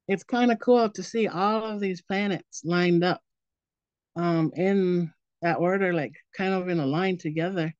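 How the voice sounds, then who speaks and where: A woman's voice: medium pitch, dry recording, dull audio. A woman in her forties giving a casual online presentation, telling stories loosely with lots of fillers. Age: 40s. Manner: relaxed storytelling with fillers like "um" and "like".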